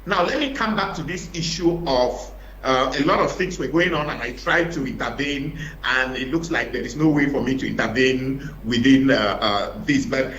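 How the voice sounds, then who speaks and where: A man with a Cameroonian English accent arguing as a panelist in a studio debate, emphatic and halting, repeating words and filling pauses. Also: medium pitch, a bit bright, roomy sound, poor audio. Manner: emphatic, repeats words while searching, many fillers. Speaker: opposition party panelist.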